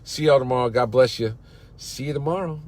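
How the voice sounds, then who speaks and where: A man's voice: medium pitch, fairly quick, darkish tone. A company CEO, a man, giving a fired-up, salesy pep talk on a live social-media broadcast, outdoors in a park.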